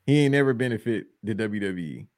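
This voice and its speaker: A man's voice: lowish voice, expressive, a little fast, a little mellow, no echo, clean studio sound. A man on a casual wrestling podcast, giving blunt, slangy opinions. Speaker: podcast guest.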